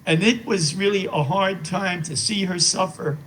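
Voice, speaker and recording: An older man in his eighties talks as an interview guest, with a voice pitched slightly above the usual male range. He tells his stories in a rambling, sincere way, restarting phrases and filling gaps with "you know". A faint hiss of noise sits under the recording. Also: normal speed, a bit bright, rough recording. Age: 80s. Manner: rambling, repeats words and says "you know" often. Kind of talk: heartfelt conversational storytelling.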